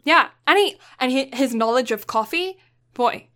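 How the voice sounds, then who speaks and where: Bright, chatty young woman recapping a film. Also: high-pitched, expressive, normal speed. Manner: chatty storyteller, lots of fillers. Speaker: podcast co-host.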